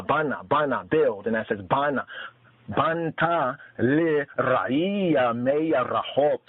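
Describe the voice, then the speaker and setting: A man giving a teaching sermon, mulling words over and repeating them as he works through a verse. His voice comes through a narrow, tinny, phone-like channel with no room around it. He talks at an ordinary pitch. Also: no echo. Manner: repeats and drawls words, thinking aloud while teaching. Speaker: Bible teacher. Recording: dry, tinny phone-like sound.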